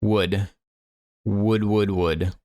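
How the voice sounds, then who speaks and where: Lowish guy streamer rambling casually as he draws, laughs a lot. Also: level tone, drawn-out words, mellow. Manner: rambling, chuckling, searches for words aloud. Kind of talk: casual chat while drawing.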